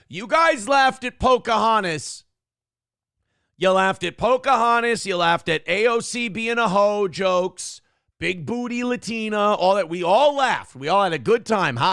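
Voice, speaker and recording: A man's voice: high voice, gravelly, fairly bright tone, no echo, studio quality. A male show host giving blunt, profane, mocking commentary on a livestream.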